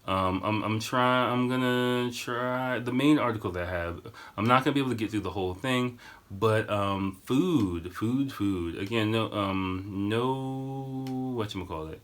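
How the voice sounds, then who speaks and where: A man's voice: on the low side, a little slow, fairly bright tone. A man in his thirties telling a story on his podcast in a rambling, profane, casual way. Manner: rambling, profane, lots of fillers. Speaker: podcast host.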